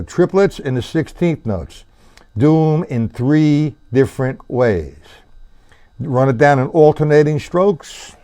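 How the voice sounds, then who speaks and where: A man's voice: mid-range voice, a little mellow. A man teaching a drum lesson on a live stream, counting beats aloud as he plays and talking loosely to his viewers. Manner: loose, swears at own mistakes. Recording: faint drum kit in the room. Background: drums.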